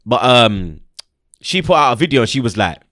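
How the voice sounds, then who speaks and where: A young man rants about football in a lively, up-and-down voice, heavy with street slang and emphasis. The sound is dry and close, with no room around it. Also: mid-range voice, normal speed, dry recording. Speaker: football fan show host. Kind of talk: heated casual football chat.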